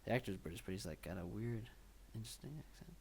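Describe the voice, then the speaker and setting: A man's voice: fairly low pitch, quick pace, gravelly, background noise. A man co-hosting a film podcast, talking in a loose, rambling way with many fillers. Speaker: podcast co-host. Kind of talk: casual chat.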